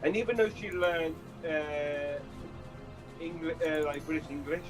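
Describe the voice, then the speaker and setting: Halting, mid-pitched speaker on a stream. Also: over music, poor audio. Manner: halting, many restarts and fillers. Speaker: live stream co-host. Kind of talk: casual group chat.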